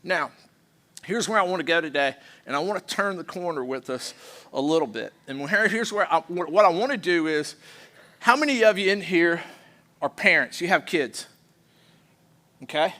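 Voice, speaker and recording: A pastor preaching a playful sermon and leading the congregation in call-and-response. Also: male voice, on the high side, lively intonation, normal speed, long pauses, pushed and bright. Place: church sanctuary.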